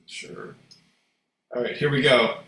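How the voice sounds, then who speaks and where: A man co-hosting a casual livestream in a rambling, relaxed way, with some swearing. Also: medium pitch, takes it slowly. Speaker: co-host. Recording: echoey room, faint noise.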